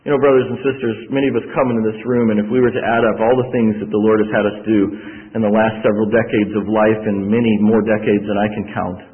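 A man's voice: lowish voice, flat delivery, quick pace. Tinny, echoey emphatic male preacher. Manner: emphatic, with sharp rises and drops in loudness and repeated phrases. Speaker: visiting preacher. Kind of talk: sermon. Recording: echoey hall, tinny phone-like sound.

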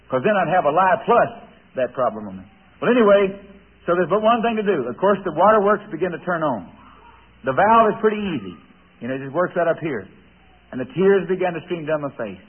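A man's voice: fairly high pitch, husky. A preacher telling a folksy sermon story, confiding in his listeners with chuckles. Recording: tinny radio broadcast.

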